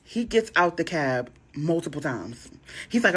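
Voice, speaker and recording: Animated woman telling a storytime. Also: moderate pace. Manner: animated, dramatic, jumps into high-pitched quoted outbursts. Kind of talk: casual storytime monologue.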